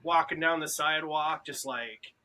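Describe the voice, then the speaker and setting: A man in a casual podcast chat, an animated storyteller who acts out what others said. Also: on the high side, normal speed. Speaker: podcast participant.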